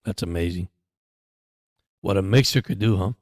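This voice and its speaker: A man hosting a livestream, chatting casually and getting excited as he reacts to a football game. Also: low voice, moderate pace, no echo, clean studio sound. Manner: chatty, excitable during plays. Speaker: livestream host. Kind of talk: casual live game commentary.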